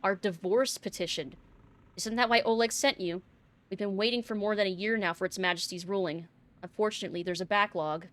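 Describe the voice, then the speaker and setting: A woman's voice: medium pitch, brisk, fairly bright tone, lightly acted. A woman voicing a prim, cagey middle-aged librarian in a game, sweetly polite and calling people dearie. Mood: flustered. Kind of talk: reading game dialogue aloud.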